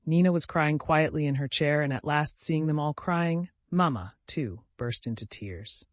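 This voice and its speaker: A man narrating a classic novel as an audiobook, reading in a measured storytelling manner and lightly voicing the characters. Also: fairly high pitch, no echo. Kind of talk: scripted narration.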